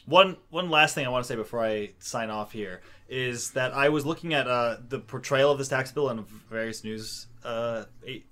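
A man's voice: mid-range voice, normal speed, few pauses, fairly bright tone. A man co-hosting a casual political chat, recounting what he saw with disbelief and frequent swearing. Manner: incredulous storyteller, swears for emphasis. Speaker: podcast co-host.

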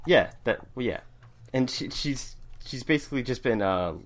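A man talks through a comic book with friends in loose, casual podcast chat. His pitch rises and falls widely. He laughs easily and throws his voice into quoted lines. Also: moderate pace. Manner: animated, laughs often, acts out quotes. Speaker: podcast co-host.

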